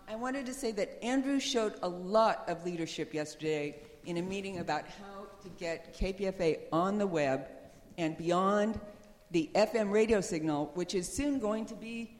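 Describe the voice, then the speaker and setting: A woman's voice: mid-range voice, a little mellow. A woman making an earnest, pointed public comment at a meeting, with flashes of frustration. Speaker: public commenter, radio news reporter. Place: meeting hall. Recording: long reverb of a meeting hall.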